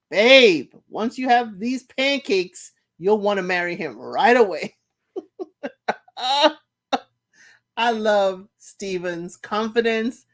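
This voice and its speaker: A woman talks through a dating show recap in a lively, swooping voice. She laughs often and slips into quick impressions of the people she is discussing. Her pitch stays mid-range but moves a lot. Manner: animated, laughs, mimics cast members' quotes. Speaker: reality show recap host. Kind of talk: casual commentary recap.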